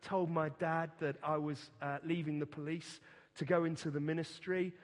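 A middle-aged man preaching a sermon as pastor, earnest and emphatic, with a deliberate delivery and repeated words for stress. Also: a little high, level tone. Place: church. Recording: reverberant church hall.

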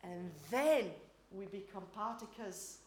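A woman preaching and then leading a group in prayer, earnest and unhurried, sometimes dropping to a soft prayerful voice. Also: mid-range voice, animated. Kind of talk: sermon and guided prayer. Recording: echoey room with faint ambience.

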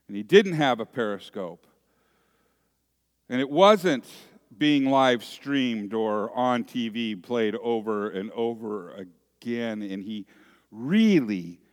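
A pastor preaching a sermon, telling a story dramatically and dropping at times to a hushed voice. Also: male voice, mid-range voice. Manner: slow, dramatic storytelling that swings from loud to hushed. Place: church sanctuary. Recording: long reverb of a church hall.

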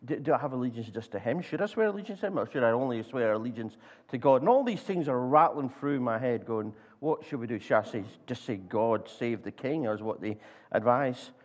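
A Scottish man preaches a sermon, leaning on anecdotes. He brings the stories to life by acting out voices. His delivery is halting, full of repeated words and restarts. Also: mid-range voice. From Scotland. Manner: animated storyteller, acts out voices, halting restarts. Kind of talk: sermon with storytelling. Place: church.

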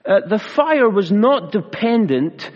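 A man preaching a sermon with a fairly high, unhurried voice, pausing to stress key words. The sound is muffled and lo-fi, carried through the long reverb of a large hall. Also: big pitch swings. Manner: measured preaching with slow emphatic pauses and gentle humor. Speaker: pastor.

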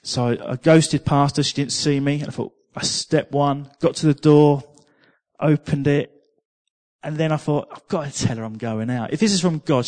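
A man's voice: on the high side, a little mellow. Man preaching a chatty testimony. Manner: chatty storytelling with repeated words and small laughs. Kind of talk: sermon with personal testimony.

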